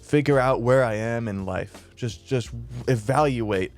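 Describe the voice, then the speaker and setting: A man's voice: medium pitch, measured pace, a little mellow. Rambling man telling a story. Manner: rambling, filler-heavy, profane. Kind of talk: casual storytelling.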